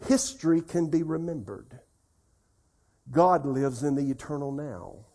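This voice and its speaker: An older man preaching a folksy sermon as pastor, dropping soft and slow to repeat scripture. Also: a little high, lively intonation.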